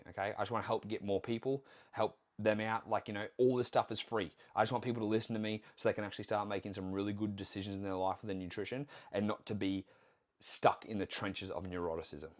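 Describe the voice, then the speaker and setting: A man hosting his own podcast, talking casually into the mic as a nutrition coach. He rants bluntly and swears freely. His voice sits fairly low. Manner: blunt, heavily profane, animated ranting.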